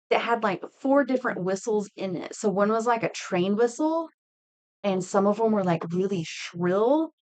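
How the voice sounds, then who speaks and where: A woman in her thirties chatting casually with viewers while making earrings on a live stream, telling stories and laughing. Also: mid-range voice. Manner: chatty, laughing, reading and answering chat. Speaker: craft streamer.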